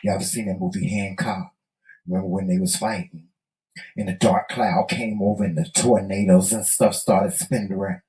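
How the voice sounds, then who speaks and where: A man co-hosting a casual talk show, telling stories in an animated, teasing way and laughing often. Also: low-pitched, normal speed, roomy sound, low-quality recording. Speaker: co-host. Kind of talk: casual chat.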